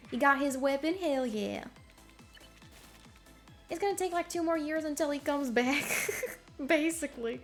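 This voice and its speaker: Giggly slangy woman streamer. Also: fairly high pitch. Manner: bubbly, giggly, slangy chatter with chat. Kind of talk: casual stream chat while gaming.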